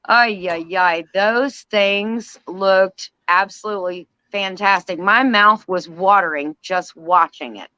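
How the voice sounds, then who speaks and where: Slow chatty woman on dull call audio. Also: mid-range voice, bright, forceful tone, clean tone, no echo. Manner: chatty and gushing, laughs often. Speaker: viewer calling in. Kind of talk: casual chat.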